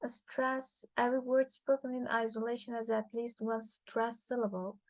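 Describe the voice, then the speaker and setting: Woman, Turkish native, slightly high voice, dry close recording, halting lecture reading. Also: level tone, no echo, poor audio. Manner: halting, with frequent uh fillers and restarts. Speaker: linguistics lecturer. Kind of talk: reading lecture slides aloud.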